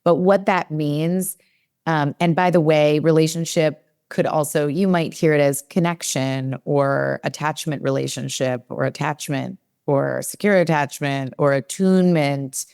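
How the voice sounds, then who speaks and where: A woman's voice: low voice, fairly even intonation, a little slow, vocal fry, a little mellow, smooth. A woman in her forties, a developmental psychologist, chatting in a podcast interview and acting out her own inner dialogue with many fillers.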